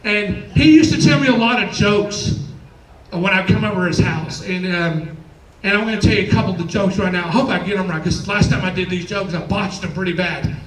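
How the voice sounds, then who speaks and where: A man's voice: sits high, brisk, roomy sound, distant mic, crowd noise, poor audio. A man doing a stand-up comedy set, telling chatty stories and acting out quoted voices. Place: comedy club stage.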